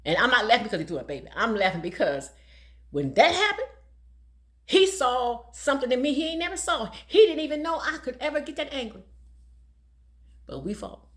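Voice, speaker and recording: Lively older woman, laughing often. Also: a little high, moderate pace, long pauses. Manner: emphatic and preachy, laughs often between points. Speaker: domestic violence advocate. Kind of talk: casual talk to camera.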